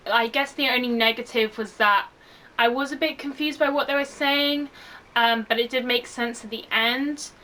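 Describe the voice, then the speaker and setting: A young woman talking casually and animatedly, full of fillers, as she reviews a film for her channel. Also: a little high. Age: young adult. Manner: gushing and animated.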